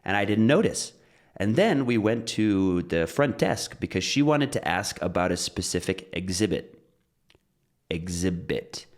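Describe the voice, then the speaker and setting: Deep-voiced man teaching pronunciation. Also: moderate pace. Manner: relaxed, explains with examples and repeats phrases. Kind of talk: casual spoken lesson.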